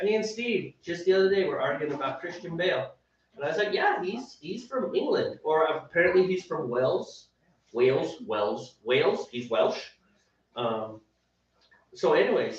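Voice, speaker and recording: Chatty man in an echoey room. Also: on the high side. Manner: rambling, joking, sings a line playfully. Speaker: co-host of a home brewing show. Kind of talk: casual chat. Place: home brewing space. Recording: echoey room, dull lo-fi sound from a distance.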